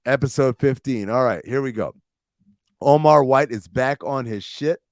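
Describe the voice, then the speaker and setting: A man recaps TV episodes on a podcast, profane and animated, acting out the characters' lines as he goes. His voice sits at an ordinary middle pitch. The sound is dry and close, with no room around it. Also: normal speed, no echo. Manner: profane, animated storytelling with quoted dialogue. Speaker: podcast host recapping a TV series. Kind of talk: casual recap chat with friends.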